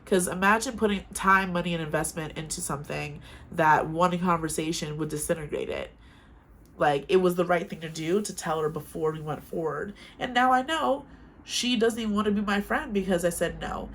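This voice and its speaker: A woman's voice: lowish voice, normal speed. Chatty young woman vlogger giving frank advice. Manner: chatty, frank, animated storytelling. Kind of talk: casual advice vlog to camera.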